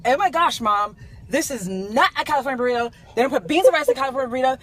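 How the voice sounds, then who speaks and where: A woman's voice: high-pitched, expressive, very fast, a bit bright, pitched above the performer's own voice. A woman quoting her exasperated daughter. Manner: exasperated, complaining.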